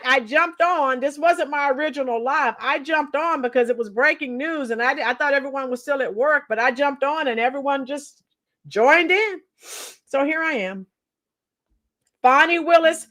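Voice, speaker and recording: A woman teacher hosting a casual livestream and greeting viewers by name. Her voice is hoarse because she lost it singing, and she chats in a rambling way and sometimes sings along to rock songs. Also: high voice, sharp tone.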